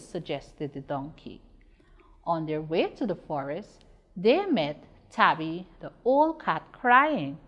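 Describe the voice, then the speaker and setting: Guyanese woman teacher, expressive reading lesson, slightly muffled sound. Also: low voice, takes it slowly. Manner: clear, expressive classroom reading.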